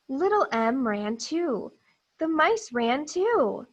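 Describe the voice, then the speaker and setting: A woman teacher reading a picture book to young children in a high, gentle voice. She speaks slowly and exaggerates each sound. She encourages the children to repeat after her. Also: sing-song, dull audio. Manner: slow, exaggerated and encouraging, with sounds modeled clearly. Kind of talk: read-aloud phonics lesson for young children.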